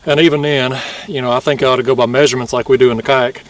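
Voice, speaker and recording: A man, chatting excitedly in a fishing vlog from a kayak on open water at night, laughing often and out of breath. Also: medium pitch, rapid-fire, recorded from a distance, slight background noise. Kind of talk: casual vlog narration.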